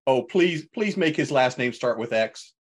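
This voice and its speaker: A man's voice: medium pitch, animated, unhurried, breathy edge. A man playing a tabletop game, joking around and laughing often with the others. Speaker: player.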